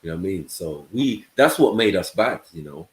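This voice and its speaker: A man's voice: low voice, big pitch swings, brisk. A man from England, chatting on a live panel and telling stories about growing up, often checking in with "you know what I mean". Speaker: panel host. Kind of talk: casual panel chat. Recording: echoey room.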